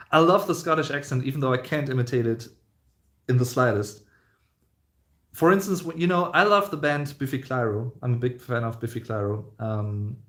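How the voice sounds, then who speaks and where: A man in his thirties with a German accent, hosting a casual live stream, reading viewer comments and rambling with many fillers and restarts. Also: medium pitch. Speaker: YouTube host reading live chat.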